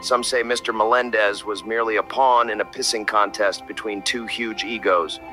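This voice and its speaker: Low-voiced male documentary narrator. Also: steady tone, normal speed, bright, forceful tone, soft background music. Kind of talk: scripted narration.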